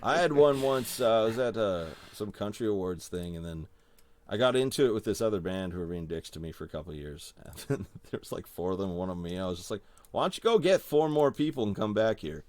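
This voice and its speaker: A man's voice: low-pitched, fast talker, darkish tone. A man from Manitoba, Canada, a guest musician telling rambling stories in casual chat, laughing often.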